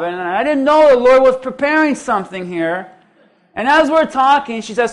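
A man's voice: extremely high pitch, normal speed. A middle-aged male pastor telling a story in a sermon, building to emphatic peaks.

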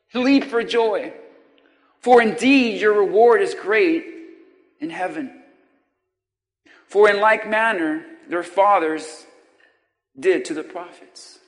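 A man's voice: high voice, fairly bright tone. A man preaching a sermon as pastor, drawing out his words and calling the congregation to repeat after him. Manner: preaching with call-and-response to the congregation; slow, drawn-out emphatic delivery. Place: church sanctuary. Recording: long reverb of a church hall.

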